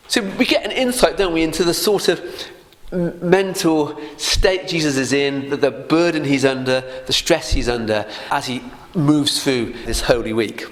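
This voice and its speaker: A man's voice: on the high side, moderate pace. Chatty man teaching the Bible. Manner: conversational, laughs often, asks rhetorical questions.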